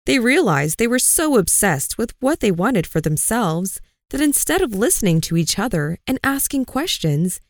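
A woman narrating a folk tale in a slow, expressive storybook style. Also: fairly high pitch, no echo, studio quality. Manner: slow, expressive, clearly paced.

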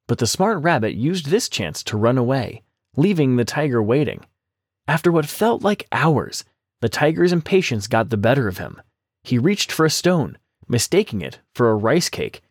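A man narrating a children's storybook in a lively, expressive scripted reading. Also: medium pitch, moderate pace, no room sound, studio quality.

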